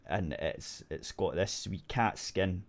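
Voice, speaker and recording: A man's voice: low-pitched, takes it slowly. A Scottish man hosting a radio show, rambling through a story in casual chat and swearing freely.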